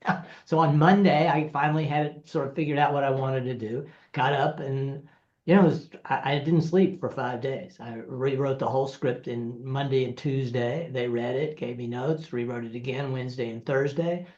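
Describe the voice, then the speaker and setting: A screenwriter recounting studio anecdotes, lively and acting out the people he quotes, laughing as he goes. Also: medium pitch, moderate pace. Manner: animated, acts out quoted voices, laughs through stories. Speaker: screenwriter guest. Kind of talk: anecdotal storytelling. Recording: roomy, dull lo-fi sound.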